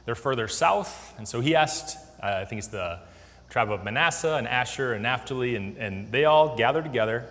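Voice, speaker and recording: A man's voice: mid-range voice, lively intonation, normal speed, a bit bright. A man giving a casual Bible lesson, conversational, with many fillers and restarts. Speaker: Bible teacher. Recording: long hall reverb.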